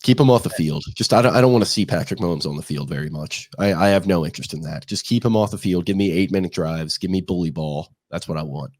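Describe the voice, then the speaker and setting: A hoarse man co-hosting a casual sports podcast, speaking in a laid-back, rambling way. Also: low voice, fast, hardly any pauses, darkish tone, no room sound, studio quality. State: hoarse from the season. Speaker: podcast co-host.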